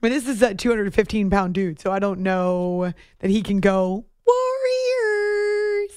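A woman hosting sports radio in a casual, playful way, who sometimes breaks into high shouted impressions. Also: steady tone, moderate pace, smooth, no room sound, clean studio sound. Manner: playful, tries high movie-villain shouts.

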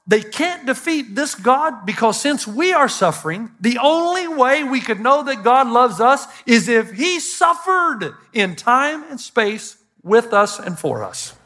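A bright-toned older man preaches with a fairly high voice. He tells stories animatedly to a church congregation, with quick asides and self-deprecating humor. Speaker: pastor. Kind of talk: sermon. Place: church stage before a congregation.

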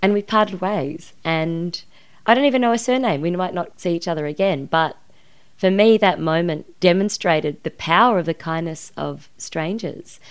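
Her voice is lowish and smooth, at a normal speed: an Australian actress in her forties being interviewed on a podcast. She recounts emotional personal events in an earnest, reflective, open way.

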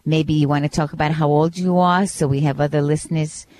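A woman from Brooklyn co-hosting a radio talk show, asking callers clear, encouraging questions. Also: low-pitched, fairly even intonation, brisk, a little mellow. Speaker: co-host.

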